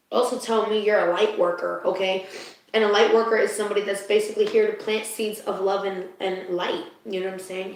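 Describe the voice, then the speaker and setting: A woman's voice: medium pitch, a little mellow. Emotional woman reading cards in an echoey room. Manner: emotional, confiding, laughs often; keeps checking in with the listener. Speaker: spiritual reader. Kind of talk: live card reading to viewers.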